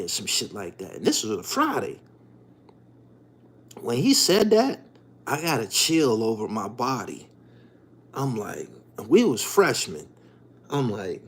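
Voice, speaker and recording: A man hosts his own channel in a loose, profane monologue full of street slang. His voice is very animated, with pitch leaping high and low as he swings between low mutters and loud emphatic outbursts. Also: a little slow, husky. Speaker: channel host.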